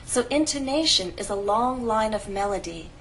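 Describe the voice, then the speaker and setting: Woman, pronunciation teacher, clear deliberate delivery, faint room noise. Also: medium pitch, animated, fairly bright tone, low-quality recording. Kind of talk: scripted lesson narration.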